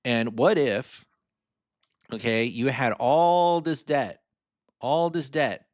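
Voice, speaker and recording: A man's voice: medium pitch, takes it slowly, no echo, clean studio sound. A man hosting a personal finance channel, talking casually with lots of asides while he walks through a spreadsheet. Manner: chatty and informal, lots of fillers and asides. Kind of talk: casual explainer.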